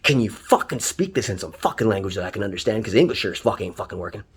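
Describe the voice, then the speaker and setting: A man's voice: lowish voice, expressive, fast, slightly rough. A man from Canada, a taxi driver, delivering an angry, profane, heated monologue. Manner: swears constantly, ranting, heated. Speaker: taxi driver ranting online.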